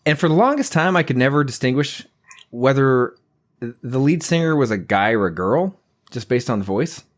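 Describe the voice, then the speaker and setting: A man co-hosting a comedy podcast, deadpan and teasing. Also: mid-range voice, normal speed. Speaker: podcast co-host. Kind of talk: casual comedic podcast chat.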